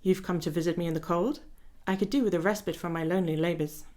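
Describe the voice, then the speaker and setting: Woman doing a flowery British-accented young gentleman. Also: fairly low pitch, fairly even intonation, quick pace, close to an everyday voice. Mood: dreamy, flowery. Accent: put-on British. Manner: flowery, dreamy, self-deprecating. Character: whimsical, old-fashioned young male writer.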